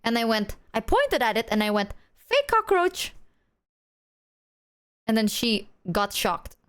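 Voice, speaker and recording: A woman's voice: a little high, lively intonation, normal speed, clean tone. A young woman streaming as a VTuber, chatting casually with viewers in a rambling, slangy, self-mocking way and laughing often.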